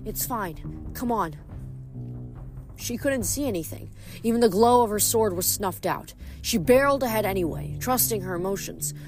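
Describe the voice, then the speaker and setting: A woman reading a fantasy novel aloud with an expressive, dramatic delivery. Her pitch sits in a medium range. Her narration rises and falls with the action. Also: a little fast, faint music behind. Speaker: audiobook reader.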